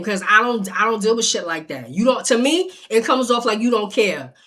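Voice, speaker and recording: A young woman with a bright, forceful voice tells her story straight to her viewers. She is blunt and swears freely, and her delivery is lively and animated. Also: fairly high pitch, brisk. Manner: blunt, profane, animated, addressing viewers directly. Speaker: storyteller vlogger. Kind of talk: casual storytime.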